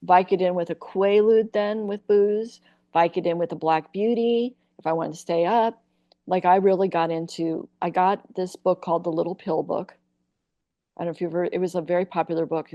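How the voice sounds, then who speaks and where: A woman's voice: on the low side, brisk, no room sound, highs cut off. A woman from Iowa, a comic actress, telling candid stories in a podcast interview and acting out the people in them. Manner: animated, acts out quoted voices.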